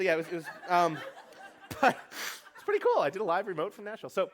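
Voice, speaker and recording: A man's voice: high voice, wildly swooping pitch, some chatter behind. A man giving a comedic keynote to a conference audience, brash and profane, acting out quotes as he goes. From New York. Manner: fast, brash, joking, profane, acts out quotes. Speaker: keynote speaker.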